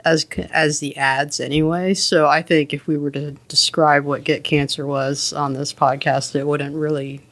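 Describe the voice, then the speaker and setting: A woman's voice: low-pitched, flat delivery, moderate pace, few pauses, a bit bright. A woman who is a co-author guest on a podcast, chatting casually and chiming in upbeat.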